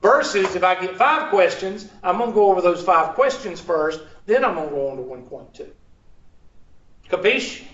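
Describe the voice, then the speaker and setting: A man with a high, animated, slightly bright voice teaches math at a moderate pace in a large classroom. Playful with his students, he gets them to finish his sentences for him. The recording comes across as distant, dull, and echoey.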